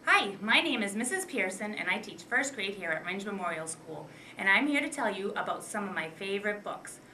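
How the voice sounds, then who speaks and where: Woman teacher, bright lively voice, book talk, faint background noise. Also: mid-range voice, brisk, poor audio. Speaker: first grade teacher.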